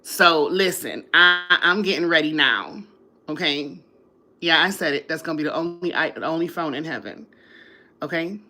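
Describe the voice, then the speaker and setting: A woman's voice: low voice, moderate pace, pushed and bright. A woman hosting a casual live stream, chatting with viewers, laughing often and sounding drowsy after a meal. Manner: sleepy after eating.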